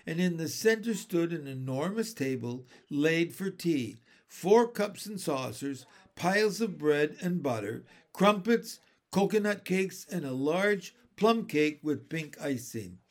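A man narrating a classic children's book in an unhurried, gentle reading voice. His pitch sits a touch high and he lets each phrase settle before moving on. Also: animated. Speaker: audiobook narrator. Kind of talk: storybook reading.

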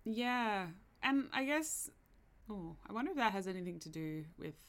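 A woman's voice: mid-range voice, expressive, normal speed. A woman co-hosting a podcast in casual chat, talking with many fillers and laughing often. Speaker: podcast co-host.

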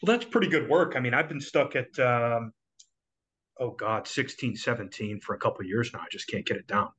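A man's voice: mid-range voice, a little fast, fairly bright tone, slight background noise. An American man guesting on a casual podcast, easygoing and dry, joining over a video call. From United States. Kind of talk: casual chat.

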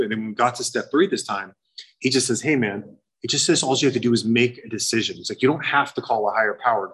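A man's voice: medium pitch, fairly bright tone, slightly rough, rough recording. A young man candidly telling his own recovery story to a meeting, rambling and acting out remembered conversations. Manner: candid, rambling, full of "you know" and quoted dialogue. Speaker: speaker sharing a recovery story. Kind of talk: personal testimony to a meeting.

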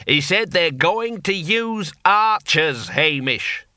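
A man's voice: sits high, wildly swooping pitch, takes it slowly, pushed and bright, dry recording, pitched above the performer's own voice, exaggerated voice. A male narrator voicing a weary, sardonic old barbarian. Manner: dry, weary.

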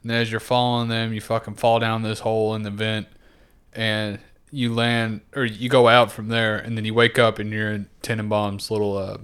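A man co-hosting a casual podcast, retelling scenes with profane, animated asides. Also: fairly low pitch, normal speed, clear, resonant tone. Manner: animated retelling with acted-out quotes; profane and laid-back. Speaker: podcast co-host. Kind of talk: casual chat.

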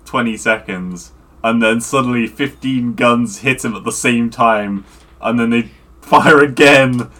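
Slow-talking man with bright, tense voice. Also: medium pitch. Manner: wry, joking interjections. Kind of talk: casual chat.

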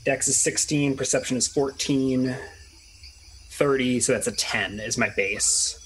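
Bright-voiced man thinking aloud as a player. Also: medium pitch, a little slow, a little hiss or hum, poor audio. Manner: chatty, thinking aloud, hesitant restarts. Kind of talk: casual tabletop game play.

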